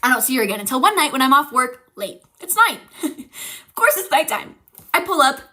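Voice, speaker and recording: A young woman streamer casually telling a ghost story, animated and swearing, acting out the quotes. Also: high-pitched, brisk.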